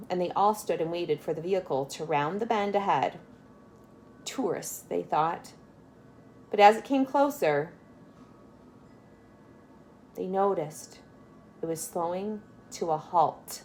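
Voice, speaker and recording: A woman's voice: on the low side, a little slow, long pauses, darkish tone, a little hiss or hum. Woman reading a storybook to kids. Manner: adds asides and explanations for kids. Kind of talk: reading a storybook aloud to children.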